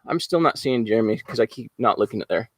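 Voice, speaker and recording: A man's voice: mid-range voice, animated, fast, no room sound. A man hosting a casual live-stream auction, talking in an upbeat, rambling way with lots of fillers. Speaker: livestream auction host. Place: outdoors at home after rain.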